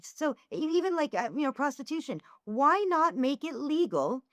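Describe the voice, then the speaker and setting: A woman's voice: sits high, moderate pace, dry recording, clean studio sound. A woman guest on a podcast, chatting casually and acting out the dialogue as she tells stories. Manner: animated storyteller who acts out dialogue. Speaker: podcast guest, former swingers event host.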